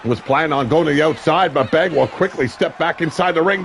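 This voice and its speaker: A man calling a wrestling match play-by-play, brash and crude, with sudden shouted bursts of excitement. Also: a little high, fairly quick, vocal fry, hardly any pauses, background noise. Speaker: wrestling commentator. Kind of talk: play-by-play commentary. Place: seated at a ringside commentary table.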